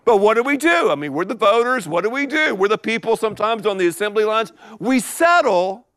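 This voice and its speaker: Animated preaching man with lively pitch. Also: brisk, clean tone, no room sound. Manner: animated preaching with emphatic repetition. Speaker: pastor. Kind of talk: sermon. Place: live before a congregation.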